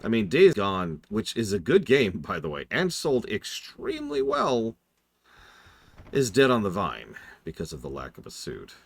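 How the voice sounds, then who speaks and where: A man with a low voice gives casual commentary while streaming a game. He talks in a wry, rambling, self-deprecating way. His pitch swings widely. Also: huge pitch swings, a little slow, husky.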